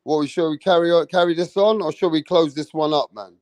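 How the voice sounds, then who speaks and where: A man's voice: a little high, steady tone, a little fast, few pauses, a little mellow, no room sound. Brash, boastful man hosting a boxing live stream. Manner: boastful, brash and profane, addressing the chat. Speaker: boxing channel host.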